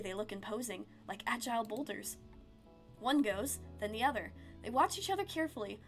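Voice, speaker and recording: A woman streamer reading a narrative game aloud in an expressive, storytelling way. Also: mid-range voice.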